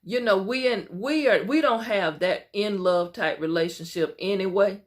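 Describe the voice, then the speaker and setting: Give me a dismissive adult wife, flat and blunt, voiced by a woman reading a letter. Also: mid-range voice, normal speed, lightly acted.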